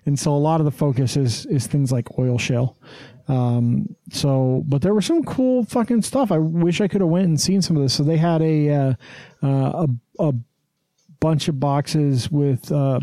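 A man's voice: a little high, normal speed, warm tone, dry recording. A man hosting a podcast in casual chat, blunt and rambling, swearing freely. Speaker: podcast host.

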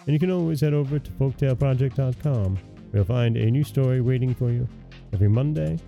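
Gravelly-voiced man narrating folktales. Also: mid-range voice, quick pace, mellow, dull audio, faint music behind. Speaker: podcast host and storyteller. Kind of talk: scripted storybook narration.

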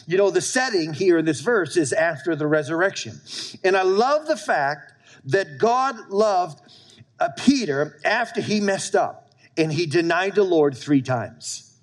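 Male pastor preaching emphatically to his congregation, voice sitting a little high. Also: lively intonation, unhurried. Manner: emphatic preaching, repeating lines and calling for amens. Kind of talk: sermon.

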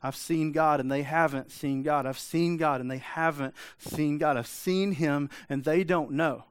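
A man's voice: a little high, steady tone, a little slow, clean tone, dry recording, studio quality. A man preaching a sermon in a conversational way, often asking the congregation for an amen. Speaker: pastor.

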